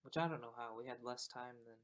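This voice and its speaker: A man co-hosting a casual podcast, chiming in with short remarks and quick corrections. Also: medium pitch, a bit bright. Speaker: podcast co-host. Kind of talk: casual chat.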